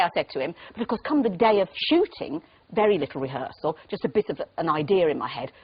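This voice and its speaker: An actress guesting on a chat show, telling stories in an animated, self-deprecating way. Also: female voice, fairly low pitch, quick pace, slightly rough. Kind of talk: casual chat show interview. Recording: muffled TV broadcast audio.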